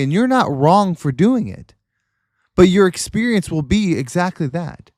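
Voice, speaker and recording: A man's voice: high-pitched, dry recording, studio quality. A man hosting a podcast, delivering an emphatic, repetitive motivational monologue. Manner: emphatic, repetitive pep-talk cadence. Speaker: podcast host.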